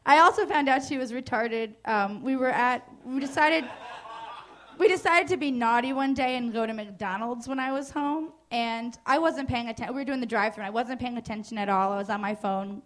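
A woman's voice: on the high side, fairly quick, fairly bright tone. A young woman from New Jersey doing a stand-up comedy set on a club stage, casual and crude, with hesitant fillers and self-mocking asides.

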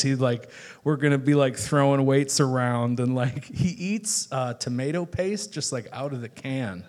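A man's voice: mid-range voice, measured pace, a little mellow. A man from Chicago, a guest on a live stage show, telling stories in a rambling, casual way with lots of filler words. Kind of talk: casual onstage chat. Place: live show at a bar venue.

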